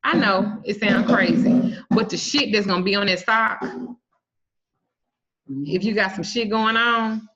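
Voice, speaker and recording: Over muffled lo-fi audio, a woman runs an informal online class on herbs, speaking a little slowly with long pauses in a fairly bright, mid-range voice. She's a herbal and spiritual teacher whose style is crude, frank, and full of swearing. Between jokes, she spells each herb's name letter by letter.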